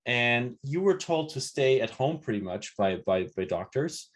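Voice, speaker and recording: A man's voice: medium pitch, lively intonation, measured pace. Male host asking thoughtful, searching questions over a video call. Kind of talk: interview questions.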